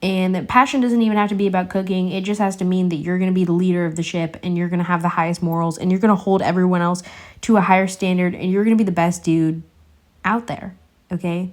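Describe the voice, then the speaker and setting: A woman's voice: on the low side, fairly even intonation, quick pace, a little mellow. Rambling young woman reviewing a TV show. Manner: rambling, goes off on tangents; chatty, slangy, addresses viewers directly. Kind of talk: casual TV show analysis.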